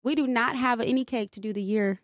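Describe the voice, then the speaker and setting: A woman's voice: fairly high pitch, brisk, no echo, clean studio sound. A young woman co-hosting a podcast, venting in casual chat and swearing freely. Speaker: podcast co-host.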